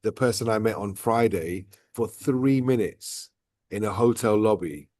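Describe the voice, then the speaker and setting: A man chats at length as the host. His voice sits low and warm, and it sounds dry and close to the mic. He keeps circling back with "look" and "right?" as he shares his stories. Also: a little slow, no room sound. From outside Dubai. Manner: rambling, repeats "right?" and "look". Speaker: vlog host. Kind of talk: casual reflective chat.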